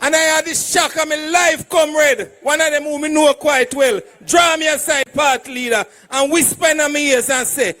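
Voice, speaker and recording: A Jamaican man, a doctor and political candidate, shouting a fiery rally speech to a crowd of supporters. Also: very high voice, fairly even intonation, normal speed, few pauses.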